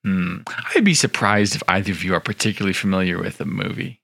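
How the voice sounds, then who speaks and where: A man co-hosting a book podcast, chatting casually with a dry, wry, deadpan humor. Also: deep voice, fast talker, gravelly, slightly rough. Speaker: podcast co-host, teacher. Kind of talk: casual chat.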